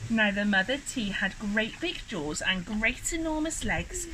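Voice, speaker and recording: A young woman, a swimming teacher, reading a rhyming picture book aloud at a pool in a lively, rhythmic way. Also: mid-range voice, a little slow, slight background noise, poor audio. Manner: lively, rhythmic, sing-song storytelling.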